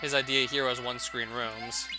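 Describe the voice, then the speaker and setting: A young man giving casual, wry gameplay commentary, often laughing and reading on-screen text aloud. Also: medium pitch. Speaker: let's play commentator.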